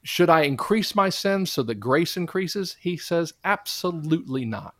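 A man's voice: sits high, expressive, a little slow, a bit bright, no echo. Earnest male minister guest, preacherly testimony, dry close studio sound. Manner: earnest, preacherly, quotes scripture. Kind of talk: conversational interview testimony.

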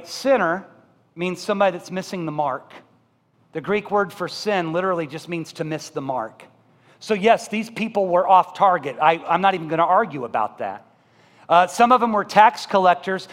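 In a church sanctuary, a male pastor preaches a sermon that swings between loud, emphatic build-ups and soft, slow pleas, asking the congregation direct questions. His voice sits high, and the sound has a big-room quality.

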